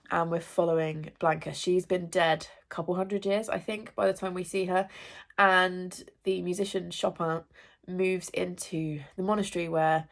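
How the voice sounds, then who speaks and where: A woman's voice: fairly low pitch, gravelly. A young woman, congested and ill, chatting casually in a reading vlog at home, with apologetic asides. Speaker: booktuber, English teacher.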